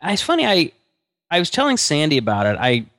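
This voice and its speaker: A man's voice: a little high, wildly swooping pitch, fairly quick, fairly bright tone, dry recording, studio quality. A middle-aged man co-hosting a podcast in casual chat, rambling with many restarts and fillers. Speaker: podcast co-host.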